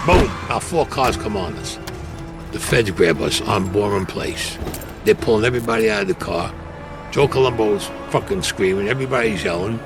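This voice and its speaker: A man in his seventies with a Brooklyn accent, bluntly and profanely telling his own story and acting out the voices of others. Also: mid-range voice. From Brooklyn, New York. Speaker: interviewee recounting his life. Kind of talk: recorded interview storytelling.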